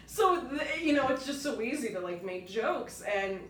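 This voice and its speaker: A woman's voice: a little high, lively intonation, normal speed, a bit bright, recorded from a distance. A young woman, a stand-up comedian, chatting casually as a podcast guest, laughing often and using lots of fillers. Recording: roomy echo, voice off-mic, faint noise.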